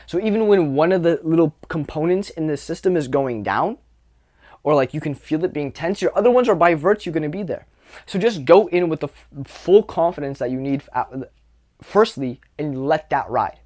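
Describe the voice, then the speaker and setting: A man's voice: on the high side, animated, normal speed, a little mellow. A young man giving a casual coaching talk to camera, loose and conversational, with lots of fillers and repetition, swearing now and then. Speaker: dating coach.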